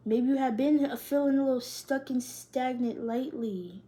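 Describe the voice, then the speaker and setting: A young woman gives a casual tarot reading, full of slang, swearing and laughter. Her voice sits high but sounds mellow and soft-edged. A faint hiss runs under the home recording. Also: normal speed. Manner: loose, slangy and profane, laughing often. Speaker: tarot reader.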